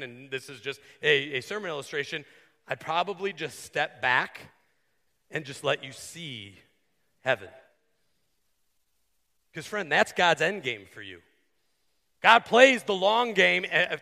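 A man preaching a sermon as pastor, earnest and conversational, with quick asides to the congregation. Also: high voice, gravelly, sharp tone. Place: church sanctuary. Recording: long hall reverb.

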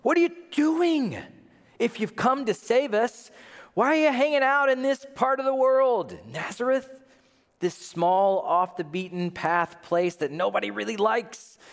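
A preacher voicing an impatient man who pleads in a strained, high voice, heard with long hall reverb. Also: fairly even intonation, a little fast, few pauses, slightly rough. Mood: impatient pleading. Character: impatient grown man pleading, pushy and restless.

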